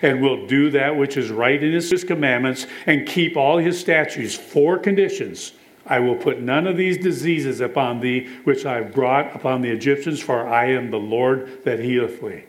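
Captured in a rough recording, a medium-pitched man speaks at normal speed as he preaches. His sermon relies on stories, scripture quotations, and questions directed at the congregation.

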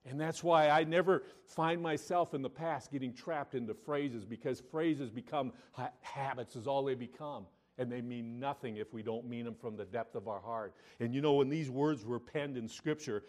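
A pastor preaching a sermon, reading scripture aloud and moving between loud emphatic lines and quiet, intimate asides. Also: male voice, mid-range voice. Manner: reads scripture in King James wording.

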